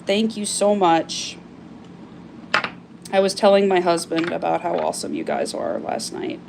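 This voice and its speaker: A woman's voice: lowish voice, a little slow, vocal fry, noisy background. A woman hosting a casual live-stream sale, chatty and gushing as she shows off items, with frequent fillers. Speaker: live-stream seller of crystal carvings.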